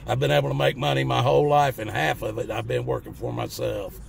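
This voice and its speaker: A man's voice: mid-range voice, fairly even intonation, fast, gravelly. A middle-aged man with a Southern US accent, hosting his own channel and ranting bluntly in a folksy, cussing manner. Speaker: channel host. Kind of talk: ranting opinion monologue to camera.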